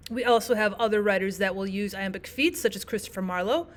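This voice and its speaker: A woman explaining poetic meter in a lesson, walking through examples and slowing down to read lines of verse aloud. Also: mid-range voice. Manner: clear, measured teaching delivery, slows to read verse aloud. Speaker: teacher. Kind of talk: explaining poetry lesson over slides.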